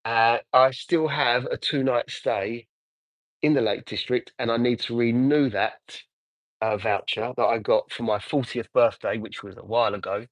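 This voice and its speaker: English guy, 40s, live-stream car detailer; rambling, chatty, mid-pitched, dry close recording. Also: fairly even intonation, moderate pace, no echo, poor audio. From England. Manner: chatty, rambling, reads out and answers viewer comments. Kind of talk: casual livestream chat while working.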